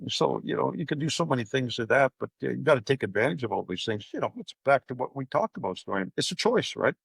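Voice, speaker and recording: An older man speaks at a medium pitch with a noticeably gravelly, creaky edge. He tells anecdotes in a casual podcast interview, acting out the people he quotes. The recording is close and dry. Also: big pitch swings, fast, dry recording. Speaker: podcast guest, speaker and coach.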